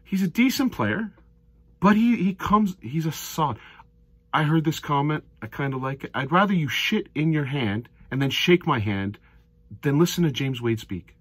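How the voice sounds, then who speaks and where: Man, commentator. Husky voice, lively pitch, heated rant, dry close mic. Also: normal speed, dry recording. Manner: heated, ranting, swings from low mutters to loud outbursts. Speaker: darts commentator. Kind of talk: opinionated solo video commentary.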